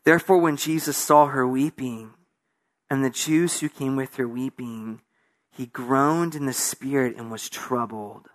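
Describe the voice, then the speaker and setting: A man preaching a sermon, moving between soft, hushed passages and raised, emphatic stretches, with casual asides and acted-out voices of people in the story. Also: mid-range voice, steady tone, a little slow. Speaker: pastor.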